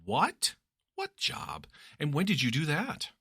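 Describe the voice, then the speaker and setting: A man's voice: fairly high pitch, wildly swooping pitch, takes it slowly, creaky, fairly bright tone, slightly rough, dry recording, clean studio sound, pitched above the performer's own voice, heavily acted. A man voicing a flustered young man who reacts with exasperation and disbelief. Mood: incredulous. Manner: exasperated, incredulous.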